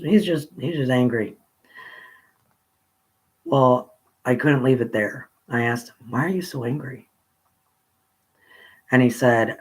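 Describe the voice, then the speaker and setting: This is a man's relaxed, meandering childhood anecdote, full of pauses and restarts. His voice goes up in pitch whenever he gets excited.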